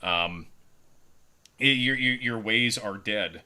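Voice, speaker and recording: A man puts on a scornful young woman held prisoner, told in a flat, stumbling way. The voice sits low but sounds bright and forceful. It is a casual retelling, not a full performance. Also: takes it slowly, exaggerated voice. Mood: defiant. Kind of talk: casual retelling of a story pitch.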